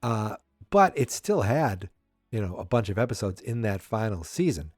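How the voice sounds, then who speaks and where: A man's voice: lowish voice, sing-song, moderate pace, a little mellow, no room sound, clean studio sound, soft background music. A man hosting a podcast, casually recapping a sitcom episode in a rambling, chatty way with wry asides. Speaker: podcast host.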